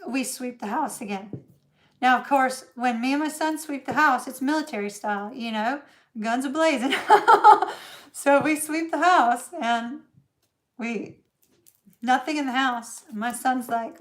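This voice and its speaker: A woman's voice: high voice, a little slow. Chatty middle-aged woman. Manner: chatty, laughs often, many fillers. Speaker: tarot reader host. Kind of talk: casual livestream storytelling.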